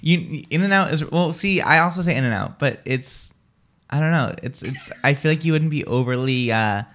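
A woman's voice: sits low, animated, moderate pace, a bit bright. A young woman hosting a casual morning radio chat, rambling and laughing, often restarting her sentences. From California. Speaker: radio show host.

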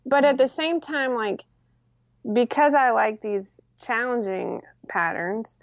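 A woman who designs sewing patterns, chatting casually as a guest in an interview, talking in quick bursts with lots of fillers. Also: a little high, expressive, creaky, dry recording, muffled recording.

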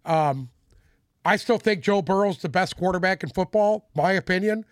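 A man with a high, light voice argues his sports opinions bluntly, repeating his opening words as he gets started. He is recorded up close in a dry space with no echo. His manner is casual and stubborn. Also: normal speed. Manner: opinionated, stammers restarts, blunt. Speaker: sports podcast co-host.

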